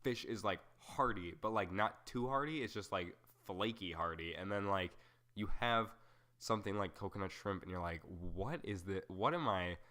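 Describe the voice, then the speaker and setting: Low-voiced young man rambling casually. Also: moderate pace, pushed and bright. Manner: rambling and self-deprecating, full of fillers and tangents. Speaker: podcast host. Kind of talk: casual solo podcast chat.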